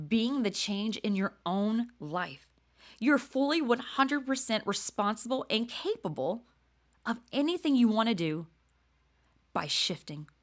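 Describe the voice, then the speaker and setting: Animated, chatty tattooed grandmother. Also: medium pitch. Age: older. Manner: chatty and animated, laughs often, drops to a hush for emphasis. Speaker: podcast host. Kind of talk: casual storytelling monologue.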